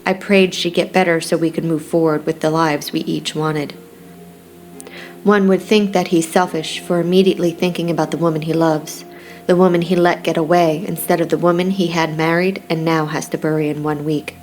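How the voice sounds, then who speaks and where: A woman narrating a romance audiobook in the first person with a steady, reflective reading. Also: deep voice, moderate pace, faint music behind.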